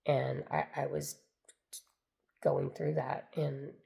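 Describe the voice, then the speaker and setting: Older woman, deep gravelly voice. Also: level tone, takes it slowly, dark tone. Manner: earnest, meandering, repeats herself. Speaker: spiritual storyteller. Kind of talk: personal storytelling to camera.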